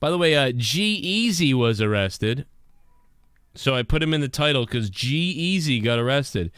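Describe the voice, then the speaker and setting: A man hosting a livestream show, talking in a rambling, profane rant, his voice worn and rough from years of yelling. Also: mid-range voice, expressive, unhurried, no room sound, studio quality.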